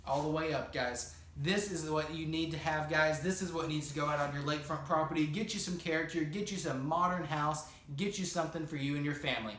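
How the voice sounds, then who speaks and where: A man's voice: a little high, fairly even intonation, fairly quick, hardly any pauses, a bit bright, echoey room, a little hiss or hum, low-quality recording. A man giving an enthusiastic sales walkthrough of a small cottage, talking straight to the viewers. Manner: upbeat, salesy, keeps addressing viewers as guys. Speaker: home tour presenter. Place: inside a small manufactured cottage.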